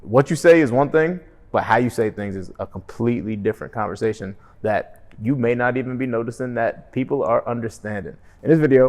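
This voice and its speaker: A young man talking casually to his vlog audience, often tagging his points with "right?" and calling himself monotone. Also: medium pitch. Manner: conversational, frequent "right?" tag questions, self-described monotone. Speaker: real estate wholesaler and vlogger. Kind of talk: casual motivational vlog talk.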